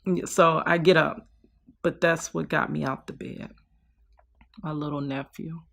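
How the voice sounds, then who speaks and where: A woman's voice: deep voice, steady tone, measured pace, creaky, a bit bright. A young woman talking in a personal vlog, weary and heartfelt, trailing off and restarting as she speaks. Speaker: vlogger.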